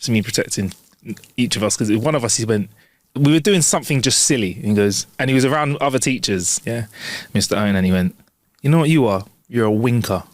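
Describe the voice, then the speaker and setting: Male podcast co-host, mid-pitched, casual storyteller, dry close mic. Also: no room sound. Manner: laughs through his own stories, quick asides. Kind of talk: casual chat and joke telling. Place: small home studio. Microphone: wireless clip-on mic.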